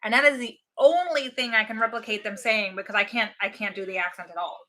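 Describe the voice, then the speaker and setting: A woman from the St. Louis area chats casually on a live stream. Her voice is bright and clear. She tells travel stories and laughs easily along the way. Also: fairly high pitch, quick pace. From St. Louis area, USA. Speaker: co-host of a live watch-party stream.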